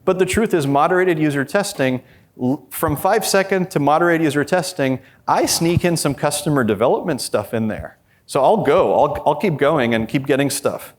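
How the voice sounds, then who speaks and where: A man giving a live workshop talk at a conference, blunt and candid, acting out quoted dialogue with shifting pitch. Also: normal speed. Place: conference session with a live audience.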